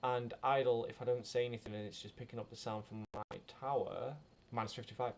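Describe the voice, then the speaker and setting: A man, rambling and talking a bit louder than usual in a casual tech review vlog, recorded at home through a built-in webcam microphone with poor audio. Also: medium pitch, little pitch movement, brisk. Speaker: YouTuber reviewing gear. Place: home room near a computer tower.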